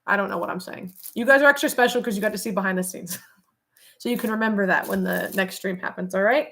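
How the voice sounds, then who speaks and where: A woman's voice: medium pitch, quick pace, fairly bright tone. A young woman chatting casually on a livestream, rambling with lots of fillers and frequent laughter. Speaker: streamer. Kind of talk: casual livestream chat with viewers.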